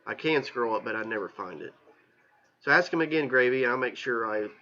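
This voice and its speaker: A man with a bright, forceful voice and a mild Southern Ohio country accent, chatty as he reads viewer comments aloud. The stream audio sounds dull and lo-fi. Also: medium pitch, animated, fairly quick. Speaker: co-host reading chat comments. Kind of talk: casual chat.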